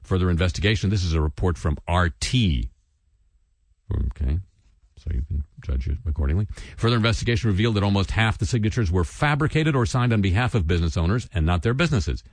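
A man's voice: fairly low pitch, lively intonation, fast, hardly any pauses, dry recording. A man hosting a satirical news commentary, reading items and adding sardonic asides and mock voices. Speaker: radio commentary host.

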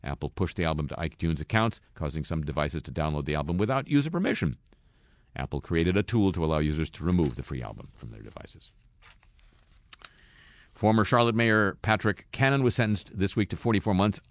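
A man's voice: deep voice, no echo. A man hosting a satirical news segment, reading stories and tossing in wry, sarcastic asides. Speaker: comedy news host.

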